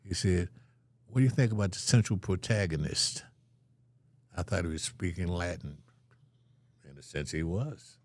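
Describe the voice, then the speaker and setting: A man's voice: deep voice, normal speed, pauses often, darkish tone, no room sound. An older man telling a story as an interview guest, acting out the voices of the people in it.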